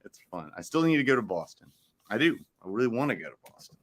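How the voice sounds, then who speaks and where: A man co-hosting a casual sports podcast, playful and jokey, slipping into quick rhyming riffs. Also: medium pitch, sing-song. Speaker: podcast co-host.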